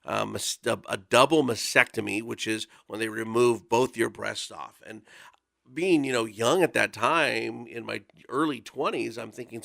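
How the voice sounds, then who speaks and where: Man, 40s, radio guest storytelling, earnest, conversational, bright tense tone, dry close sound. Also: medium pitch, a little slow, vocal fry, no echo. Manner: earnest, conversational, with frequent fillers. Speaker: volunteer guest speaker.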